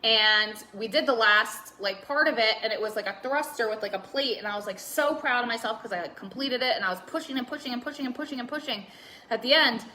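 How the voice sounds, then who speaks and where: A woman's voice: fairly high pitch, quick pace, bright, forceful tone, a little hiss or hum. A young woman talking candidly on a live stream, rambling with lots of filler words and some swearing. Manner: reads out viewer comments. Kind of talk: casual Facebook Live chat.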